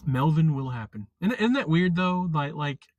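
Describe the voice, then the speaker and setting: A man chatting casually on a live stream, rambling and halting with lots of fillers and restarts. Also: a little high, expressive, no room sound, muffled recording. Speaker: vlogger.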